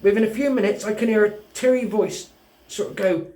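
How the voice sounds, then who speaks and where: A man's voice: high-pitched, brisk, reverberant. A man with a British accent telling a personal story in casual talk, acting out the dialogue and swearing freely. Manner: animated, swearing, acts out dialogue.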